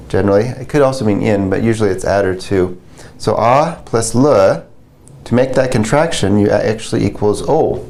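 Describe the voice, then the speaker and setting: A low-pitched man gives a beginner language lesson at an unhurried pace. He explains patiently and conversationally, pausing with fillers as he works through examples. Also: darkish tone. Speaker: French teacher.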